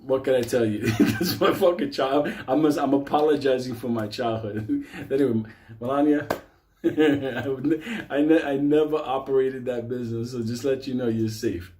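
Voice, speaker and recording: A man's voice: medium pitch, moderate pace, a little mellow, slight background noise. A man, casually telling a long story, swearing heavily and laughing as he goes. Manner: profane, laughing through the story. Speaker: host.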